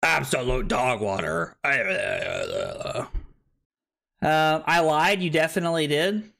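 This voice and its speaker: Tipsy male stream commentator, rowdy and crude, unhurried delivery. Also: fairly high pitch, big pitch swings, creaky, fairly bright tone. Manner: rowdy, swearing, joking, laughing. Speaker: tournament stream host and commentator. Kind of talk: live-stream commentary and banter.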